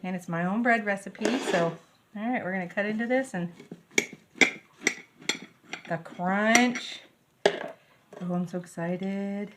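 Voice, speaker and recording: This is a middle-aged woman, chatting through a recipe in her home kitchen. She is bubbly and easily thrilled, and her voice sits at an ordinary middle pitch. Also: takes it slowly, pauses often, heavy background noise. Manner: bubbly, gushing, easily excited. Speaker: home cooking vlogger. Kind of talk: casual cooking demonstration.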